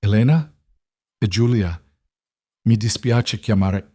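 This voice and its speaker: A man's voice: on the low side, a little slow, warm tone, dry recording, studio quality. A man voicing a worried nurse who sounds strained, apologetic and urgent. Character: worried woman nurse bearing bad news.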